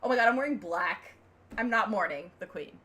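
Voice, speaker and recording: A young woman from the United States talks through a casual livestream. She rambles and sounds opinionated, full of fillers and quick laughs, and her voice sits at an ordinary middle pitch for a woman. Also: lively intonation, bright, forceful tone. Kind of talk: casual chat.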